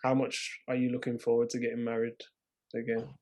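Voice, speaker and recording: A man hosting an interview, asking calm, encouraging questions of his guest. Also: mid-range voice, a little fast. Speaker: interview host.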